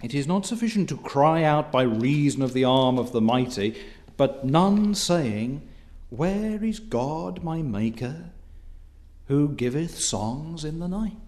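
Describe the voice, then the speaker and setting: Measured, formal male preacher. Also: fairly high pitch, lively intonation, a little mellow. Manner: measured, formal preaching with quoted scripture, rising when impassioned. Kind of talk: expository sermon.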